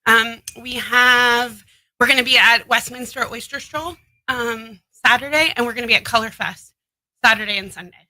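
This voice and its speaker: A woman's voice: on the high side, steady tone, moderate pace, sharp tone, no echo, low-quality recording. A woman appearing as a guest on a live show, talking in a chatty, enthusiastic way. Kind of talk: casual interview.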